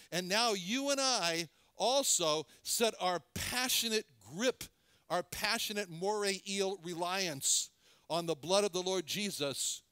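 A man preaching a sermon in an earnest, halting way, often restarting and repeating words. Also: high-pitched, bright, forceful tone, smooth, no echo, studio quality. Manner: earnest, lingers on phrases.

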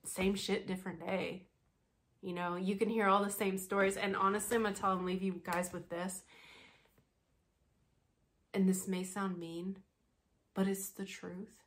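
A woman speaking straight to camera in a casual commentary vlog, at an ordinary pitch. Her talk is blunt and frank, and she laughs often. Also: level tone, a little slow, pauses often, fairly bright tone. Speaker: commentary vlogger.

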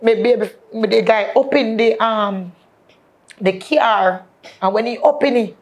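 A Jamaican woman, her voice sitting a little high, gives a heartfelt testimony in thick patois. She often draws out her words slowly and calls out to her listeners as people of faith. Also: darkish tone. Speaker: guest. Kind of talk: emotional testimony.

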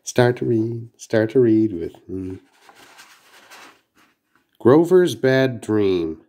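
A man's voice: fairly low pitch, lively intonation, extremely slow, warm tone. A man reading a children's storybook aloud, carefully, with small slips and restarts. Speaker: narrator.

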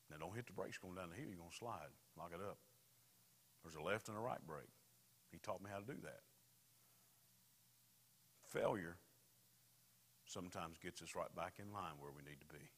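Brief: male pastor, storytelling sermon, hushed to loud, tense bright timbre. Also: low voice. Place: church sanctuary. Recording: reverberant church hall.

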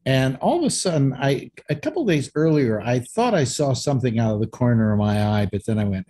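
Animated husky-voiced man telling stories. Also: mid-range voice, a little fast, few pauses. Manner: animated storyteller, shouts quoted lines. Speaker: host. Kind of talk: casual storytelling chat.

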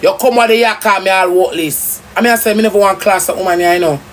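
A woman's voice: mid-range voice, quick pace, slight background noise. A woman with a Jamaican accent ranting angrily on a livestream, cursing and swooping up and down as she talks. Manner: angry, cursing, loud and swooping. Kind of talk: heated livestream rant.

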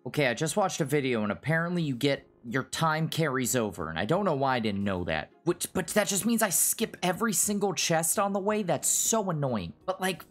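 Exasperated gamer swearing through a hard level. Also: mid-range voice. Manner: exasperated, swearing, talking to themselves. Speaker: gaming video host. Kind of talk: frustrated gameplay commentary. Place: home.

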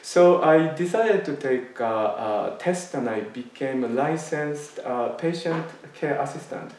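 A man giving a Zen dharma talk, telling a personal story in a halting way with many fillers and restarts. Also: fairly high pitch, lively intonation, darkish tone. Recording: echoey room, mic at a distance.

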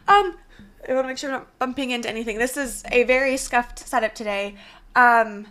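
Young female streamer, bubbly and effusive, high bright tone, slight hoarseness, small room. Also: brisk. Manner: bubbly, effusive thanks to chat. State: slightly hoarse, voice partly gone. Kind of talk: casual live-stream chat. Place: small bedroom alcove.

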